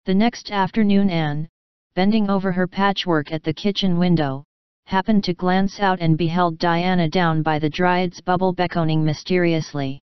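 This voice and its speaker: A woman narrating a classic novel as a bedtime audiobook, calm and even. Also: on the low side, normal speed, clean tone, dry recording, muffled recording.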